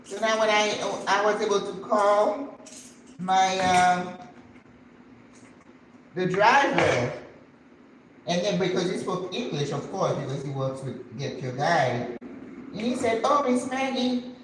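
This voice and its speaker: A woman's voice: on the low side, slow pace, pauses often. An older woman tells a story as she cooks, taking her time and acting out every person in it with a flair for drama. Her voice rings around a roomy, echoing kitchen, and faint background noise sits underneath. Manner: animated, dramatic storyteller who acts out the people in her story. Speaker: cooking channel host. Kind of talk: casual storytelling while cooking.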